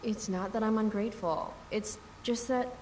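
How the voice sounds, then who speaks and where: A woman's voice: mid-range voice, normal speed, a little mellow, natural voice. An actress voicing a sardonic, rebellious teenage girl in a video game, dry and mocking, heard faintly from the game audio. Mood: wry. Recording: faint distant game audio, light noise.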